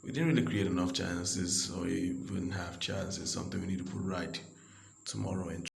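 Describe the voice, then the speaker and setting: Man putting on a soft-spoken, formal football manager; low voice, roomy echo. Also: fairly even intonation, creaky, slight background noise. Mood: measured. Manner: measured, formal press-conference delivery. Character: male football manager giving a post-match interview.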